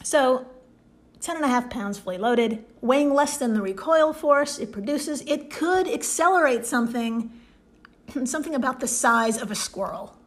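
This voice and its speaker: A woman's voice: high-pitched, expressive, moderate pace. A woman on a casual podcast, playfully explaining a problem step by step with jokes. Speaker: podcast co-host explaining science.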